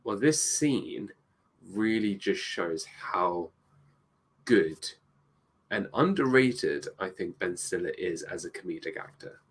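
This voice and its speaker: A man co-hosting a movie review show, chatting casually about a film with hesitant pauses and dry asides. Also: low-pitched, animated, slightly rough. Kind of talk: casual chat, movie commentary.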